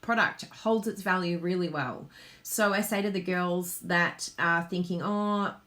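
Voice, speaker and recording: A woman's voice: lowish voice, unhurried, a bit bright. Bubbly Australian woman, chatty. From Queensland, Australia. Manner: bubbly, laughs often, chatty. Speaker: craft demonstrator host. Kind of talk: casual live chat.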